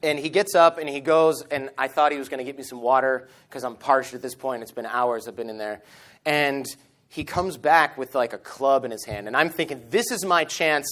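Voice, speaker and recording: A man in his thirties giving a storytelling talk at a conference stage microphone, animated and acting out the lines he quotes. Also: medium pitch, fairly quick. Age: 30s. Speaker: conference speaker.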